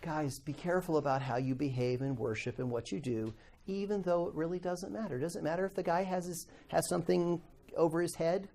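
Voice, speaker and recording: Middle-aged guy teaching bible class, kinda high voice, chatty, keeps asking the class stuff and doing little voices. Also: a little fast, dark tone. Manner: conversational, asks the class questions, acts out quoted voices.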